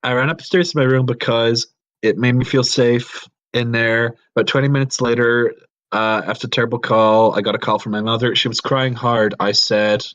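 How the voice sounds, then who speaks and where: A man co-hosting a comedy podcast, reading a creepypasta aloud and riffing on it, swearing and breaking into high-pitched outbursts. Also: fairly even intonation, moderate pace, a bit bright, dull audio.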